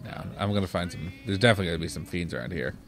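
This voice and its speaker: A man's voice: low-pitched, rapid-fire. A man co-hosting a let's play, chatting casually with dry, teasing corrections. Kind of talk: casual gameplay commentary.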